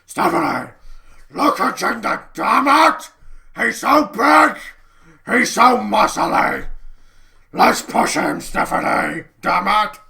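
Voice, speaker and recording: A bellowing older wrestling boss who is fixated on big muscles , as a man puts him on in a comic bit. The voice is gruff and excitable, yelling loudly with a lively, jumping pitch. The delivery is over the top. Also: slow pace, exaggerated voice. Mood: excited bellowing. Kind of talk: comic impression.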